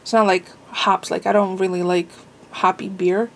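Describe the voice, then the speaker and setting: Woman vlogger, casual rambling chat while cooking at home, mid-pitched, faint background noise. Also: little pitch movement, moderate pace, rough recording. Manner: rambling, self-amused, lots of fillers. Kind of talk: casual chatty vlog. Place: home kitchen.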